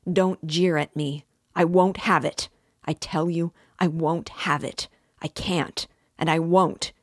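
A woman's voice: deep voice, fairly even intonation, unhurried, breathy edge, no echo, studio quality, full character voice. A woman voicing a furious, haughty young male suspect who makes defiant demands, in an audiobook reading.

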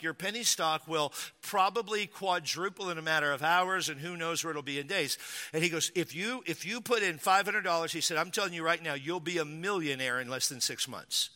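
A man's voice: fairly high pitch, pushed and bright. A man pastor preaching a sermon, telling a humorous personal story before building into emphatic preaching. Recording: long hall reverb.

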